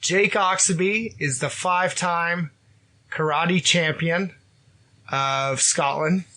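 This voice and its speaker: A man's voice: a little high, slow pace. A young adult man hosting a podcast, telling stories with jokes and acted-out quotes. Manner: jokey, animated storytelling with acted-out quotes. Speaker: podcast host. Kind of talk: casual podcast chat.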